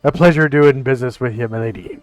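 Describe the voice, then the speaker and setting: A man voicing a gruff pirate first mate with an ale mug, speaking in a hearty sea-dog drawl. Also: medium pitch, fast talker, no room sound, faint music behind, natural voice. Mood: sly.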